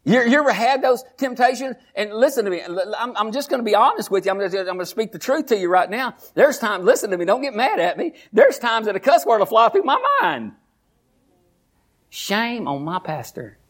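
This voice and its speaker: High-voiced preacher man. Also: fast, few pauses. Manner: animated preaching with folksy humor and repeated phrases. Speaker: pastor. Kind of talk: sermon.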